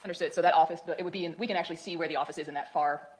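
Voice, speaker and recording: A woman's voice: fairly low pitch, steady tone, racing, crowd noise. A woman attorney cross-examining a witness in court with polite, methodical questions.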